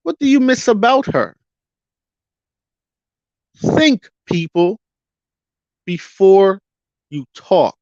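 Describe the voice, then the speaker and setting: A man's voice: high voice, very animated, drawn-out words, long pauses, darkish tone, dry recording. A man ranting through a fiery commentary monologue, firing rhetorical questions at his viewers and stretching out words for emphasis. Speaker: vlogger. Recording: dull lo-fi dry audio.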